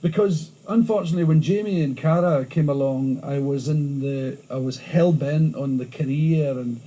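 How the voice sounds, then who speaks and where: A man with a thick Glasgow accent, talking through an interview in lively stories full of restarts. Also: fairly high pitch, moderate pace, poor audio. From Scotland. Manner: animated storytelling, frequent restarts. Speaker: interviewee, comedian. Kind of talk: candid interview chat. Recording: old VHS tape with faint hiss.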